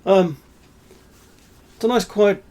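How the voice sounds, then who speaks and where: A man with a somewhat high-pitched voice rants straight to his viewers in a solo vlog. He is sarcastic and irreverent and swears freely, punching key words with sudden emphasis. He breaks into laughter between points. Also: slow. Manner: animated, with bursts of emphasis and laughter. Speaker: channel host. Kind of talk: ranting solo vlog monologue.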